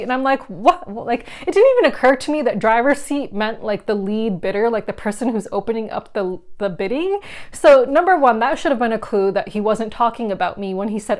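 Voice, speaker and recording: Chatty woman, high voice, laughing. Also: expressive, fairly quick. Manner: chatty, laughs often, many "like" fillers. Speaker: board game vlogger. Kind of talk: casual storytelling to camera.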